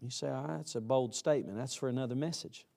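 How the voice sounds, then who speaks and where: A man's voice: medium pitch, fast talker, creaky, dark tone. A man preaching a chapel sermon to college students in a folksy, emphatic way, acting out what students say.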